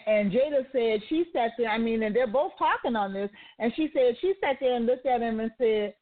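Her voice is a little high, and she talks at a normal speed with few pauses. The woman is hosting talk radio, giving a motivational monologue in which she retells a story with asides and shapes it into a lesson of faith, all over a tinny, phone-like connection.

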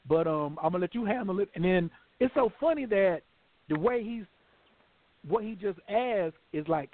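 A man hosting a call-in show, talking in a loose, slangy, playful way. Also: high voice. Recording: tinny phone line with faint hiss.

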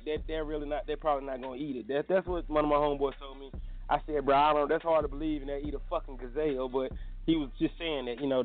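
A man hosts a casual morning show, talking loosely with plenty of slang and fillers. His voice sits at an ordinary pitch. The sound is thin and phone-like. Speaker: host.

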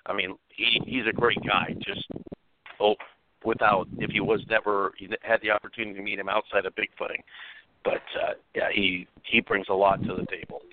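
A male radio host with a low voice talks in stops and starts, his sentences breaking off before he finishes them. The audio is thin and phone-like. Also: level tone, no echo. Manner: halting, broken sentences. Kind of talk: casual radio show chat. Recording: tinny phone-like sound.

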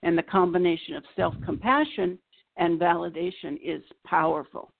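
A woman therapist speaks in a gentle, measured way, often building a point around an everyday example. Her voice has a gravelly, creaky grain. She comes through a tinny, phone-like line. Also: fairly low pitch. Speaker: psychotherapist guest. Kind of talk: explanatory interview talk.

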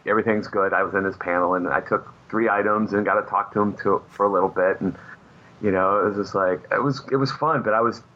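A man's voice: on the low side, steady tone, fast talker, pushed and bright. Rambling male guest, dull lo-fi audio. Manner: rambling, hesitant, many fillers. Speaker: comic book artist guest. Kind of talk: casual chat.

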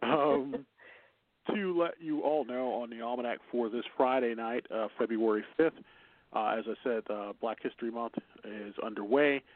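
A man's voice: mid-range voice, moderate pace, no room sound. A man from Chicago with a Chicago accent, hosting a radio show in casual banter, rambling and laughing often. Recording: phone-line internet radio.

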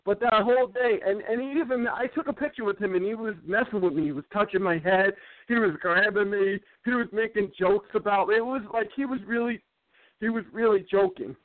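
A man with a high voice tells stories in a loose, rambling way, tripping over restarts and repeating himself. He comes through a thin, phone-like line. The sound is dry, with no room around it. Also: a little fast, no echo. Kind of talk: casual chat.

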